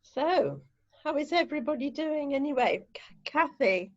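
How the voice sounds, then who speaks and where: A woman's voice: high-pitched, animated, moderate pace. Woman host, dull call audio. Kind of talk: casual chat on a video call. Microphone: video call.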